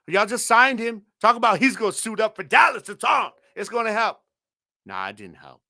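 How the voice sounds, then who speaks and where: A man's voice: sits high, big pitch swings, moderate pace, gravelly, pushed and bright, no echo, clean studio sound. A man co-hosting a casual sports podcast, teasing rival fans and laughing often. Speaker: podcast co-host.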